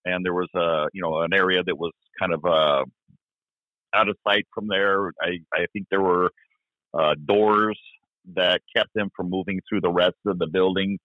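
Man, former police officer, deep voice, halting, filler-heavy, tinny phone sound. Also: fairly even intonation, dry recording. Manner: halting, many fillers and restarts. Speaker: retired police officer guest. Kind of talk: recounting events in an interview. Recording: dry, tinny phone-like line.

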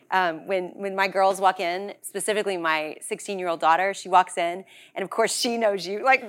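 A woman in her forties hosting a podcast, talking in an earnest, effusive way and quick to emotion. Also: fairly low pitch. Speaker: podcast host. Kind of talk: heartfelt conversation.

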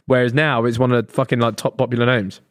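A man in his late twenties with an Essex accent trades playful, sweary banter as a podcast co-host. His voice sits at an ordinary middle pitch. The sound is close and dry, with no room behind it. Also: little pitch movement, fast, no room sound. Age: 20s. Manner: banter-heavy, swears freely, teasing. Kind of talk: casual chat.

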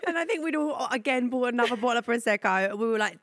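A woman hosting a casual podcast chat, animated and acting out what people said. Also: a little high, fast talker, a little hiss or hum. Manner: animated, acts out quoted voices. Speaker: podcast host.

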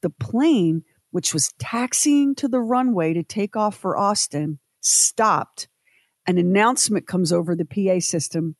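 A woman co-hosting a radio show, telling a story with lively quoted voices. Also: mid-range voice, a little slow, no echo. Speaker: co-host. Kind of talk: casual chat.

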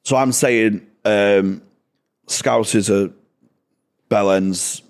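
A man's voice: fairly low pitch, steady tone, drawn-out words. A man in his twenties with a Manchester accent, telling sweary, self-deprecating stories as a comedian guest on a casual podcast. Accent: Mancunian. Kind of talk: casual podcast chat, storytelling.

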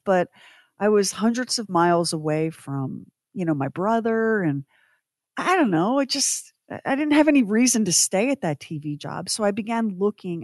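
A woman's voice: fairly low pitch, no echo, clean studio sound. Earnest middle-aged female podcast co-host. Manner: earnest and emphatic, talks through her feelings. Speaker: co-host, former TV writer producer. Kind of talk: casual reflective chat.

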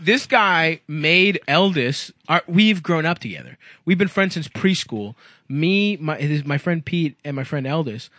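A man's voice: on the high side, lively intonation, a little slow, sharp tone, no echo, studio quality. A man hosting a podcast in casual comedic chat, blunt and profane, laughing often. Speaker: podcast host.

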